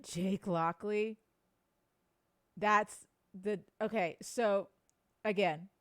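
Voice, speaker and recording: A woman's voice: medium pitch, fairly even intonation, drawn-out words, dry recording, clean studio sound. A woman co-hosting a live podcast in casual chat, gushing and enthusiastic about what she is discussing. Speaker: podcast co-host.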